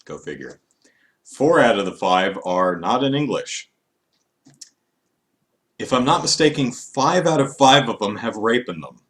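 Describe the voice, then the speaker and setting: A man's voice: mid-range voice, animated, a little slow, long pauses, a bit bright. A man chatting casually on a live stream, rambling and wry with many fillers. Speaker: vlogger.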